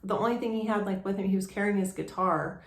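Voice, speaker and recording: Gravelly-voiced woman rambling through a story. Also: medium pitch, fast. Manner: rambling, many restarts and fillers. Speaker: vlogger. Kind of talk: casual storytelling to camera. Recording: echoey room.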